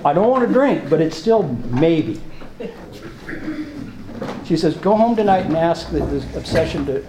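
A man telling his recovery story at a meeting, halting and repeating himself, with emotional swings. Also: on the high side, dark tone, a little hiss or hum. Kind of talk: personal testimony talk. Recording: echoey room, faint ambience.

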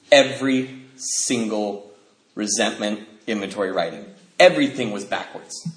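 A man sharing his story with a group, animated and laughing often, jumping high in pitch when he acts out other people. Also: reverberant.

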